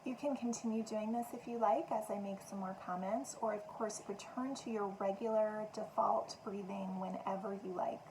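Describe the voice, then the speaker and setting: A woman meditation teacher calmly guiding listeners through a breathing exercise with gentle, unhurried instructions. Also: mid-range voice, background noise.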